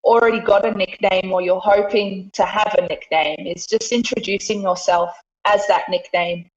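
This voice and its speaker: A woman's voice: medium pitch, steady tone, moderate pace. A woman with an Australian accent, chatting as an interview guest, laughing often. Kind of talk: casual interview chat. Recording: echoey room, dull lo-fi sound.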